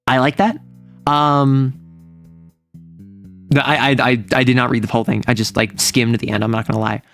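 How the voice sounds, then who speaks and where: A man chatting casually on a livestream, rambling and stammering through restarts, animated and quick to laugh. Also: medium pitch, faint music behind. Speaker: streamer.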